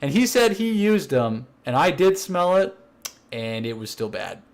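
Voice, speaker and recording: A man co-hosting a casual podcast, telling a prank story and acting out the dialogue with lively voice changes. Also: measured pace. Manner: animated, acts out quoted dialogue with shifting pitch. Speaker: podcast co-host.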